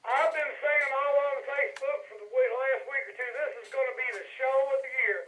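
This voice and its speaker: A man's voice: very high voice, fairly even intonation, brisk, pushed and bright. A man co-hosting a wrestling talk show, talking up events in emphatic promoter banter. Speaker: co-host. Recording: echoey phone-line audio with faint noise.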